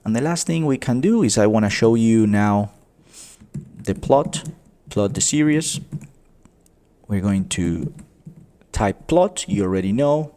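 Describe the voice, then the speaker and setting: A man teaching a coding tutorial, explaining step by step, often calling viewers "guys" and pausing with fillers. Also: lowish voice, expressive, mellow, slight background noise. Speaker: economics tutor. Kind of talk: screen-recorded coding tutorial.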